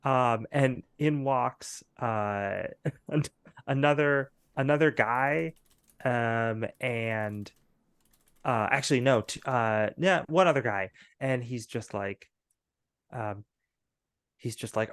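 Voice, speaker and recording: A man runs a tabletop game as game master, rambling through the scene with plenty of ums and uhs. His voice is gravelly and unhurried, and it is recorded dry with no room echo. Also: mid-range voice, a bit bright. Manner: rambling, hesitant with many fillers.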